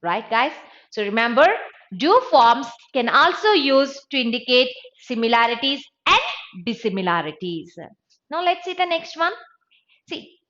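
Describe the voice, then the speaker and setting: Female grammar tutor, animated high delivery, punches example sentences. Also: muffled recording. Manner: explains slowly, stresses example sentences with raised pitch. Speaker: English grammar teacher. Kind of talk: online grammar lesson.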